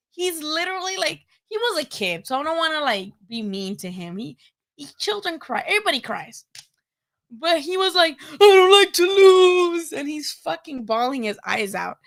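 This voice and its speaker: Chatty high-voiced woman hosting a live stream. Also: pushed and bright. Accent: Chicano English. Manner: chatty, laughing, says "dude" a lot. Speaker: host of a boxing live stream. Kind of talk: casual live-stream chat.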